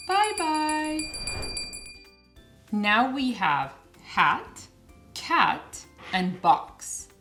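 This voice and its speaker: A woman leads a phonics lesson for young children, drawing out every word very slowly. Her pitch swoops up and down in a bright sing-song. Faint music plays underneath. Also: huge pitch swings.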